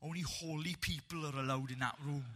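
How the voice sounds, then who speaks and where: A Welsh man preaches his own testimony before a live audience. His voice sits high and rings very bright, and he tells it with animated, humorous energy. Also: fairly quick. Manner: animated storyteller, punchy and humorous.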